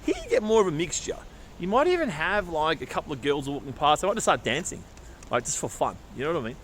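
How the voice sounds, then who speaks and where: A man's voice: a little high, fast talker. An Australian man vlogging outdoors, chatting casually and acting out conversations as he tells stories. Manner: animated storyteller who acts out conversations. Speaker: travel vlogger. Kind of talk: casual travel vlog monologue. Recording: street noise and passing traffic.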